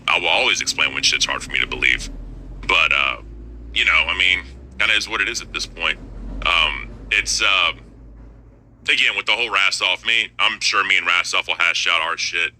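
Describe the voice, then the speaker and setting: A man's voice: low voice, pushed and bright, low-quality recording. A man chatting casually on a live stream, laid-back and repetitive, often saying bro.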